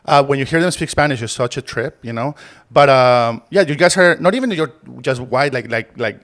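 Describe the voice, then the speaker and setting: A man hosting a casual podcast chat, talking haltingly with many fillers and repeated words. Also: mid-range voice, fairly bright tone. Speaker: podcast host.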